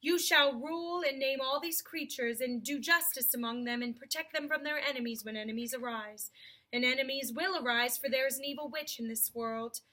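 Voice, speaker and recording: A woman reading aloud, voicing a majestic male lion king in a slow, grave, commanding way. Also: high voice, sharp tone. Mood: solemn.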